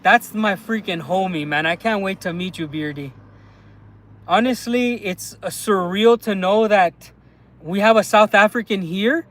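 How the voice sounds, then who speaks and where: A man livestreaming on his phone as he walks around town outdoors, chatting casually and excitably, rambling with lots of fillers. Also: sits high, measured pace. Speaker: vlogger livestreaming. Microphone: handheld phone livestream.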